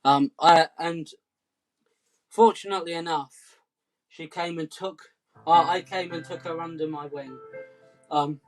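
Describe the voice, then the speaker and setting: A man from southwest England doing rambling comic patter between songs, hesitant and deadpan, full of ums and restarts. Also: on the high side, unhurried, pauses often, faint music behind. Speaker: comedy musician hosting a live stream.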